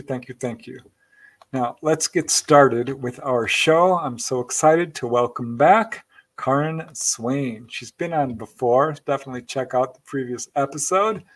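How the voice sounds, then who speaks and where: A man hosting a podcast, introducing his guest in an enthusiastic, effusive way and chatting casually. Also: mid-range voice. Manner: warm, effusive, upbeat. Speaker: podcast host. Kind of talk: enthusiastic show introduction and chat.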